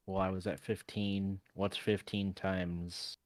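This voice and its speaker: A man's voice: low voice, level tone, takes it slowly, no echo, studio quality. A man co-hosting a casual podcast chat, talking bluntly and swearing freely. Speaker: podcast co-host.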